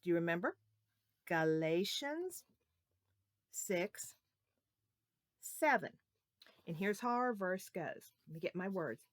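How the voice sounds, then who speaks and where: A woman with a lowish, sing-song voice teaches a children's Sunday school lesson, speaking slowly and playfully. She coaxes the kids to repeat after her, and there's no echo.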